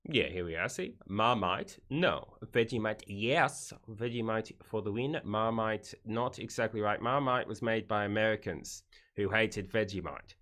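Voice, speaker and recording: A man's voice: lowish voice, unhurried, fairly bright tone. An Australian man streaming casual commentary on memes, wry and rambling with joking asides.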